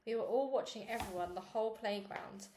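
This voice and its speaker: A woman reading a children's novel aloud, with small slips and restarts, raising her pitch for the girls' quoted lines. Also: a little fast, mellow. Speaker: reader. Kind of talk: read-aloud book narration. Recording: echoey room with faint noise.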